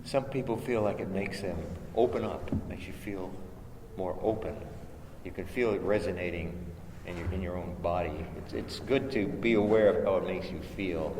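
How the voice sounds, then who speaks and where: A man leading a contemplative prayer workshop, giving gentle instructions with hesitant restarts and chanting syllables. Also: low-pitched, moderate pace. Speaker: meditation teacher. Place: large chapel with long reverb. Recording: echoey chapel recording, faint hiss.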